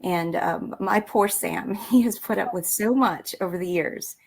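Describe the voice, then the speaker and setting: A woman's voice: mid-range voice, a little slow, creaky. A woman military veteran and author telling her story in a casual interview, rambling with many fillers and restarts.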